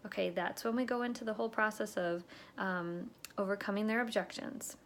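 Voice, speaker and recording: A woman's voice: brisk, a bit bright, slight background noise. A woman giving a casual how-to talk on sales, checking in with her listeners and acting out the lines she uses with customers. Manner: chatty, checks in with "okay?", acts out her sales pitches. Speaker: direct sales consultant. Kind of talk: instructional talk to sales reps.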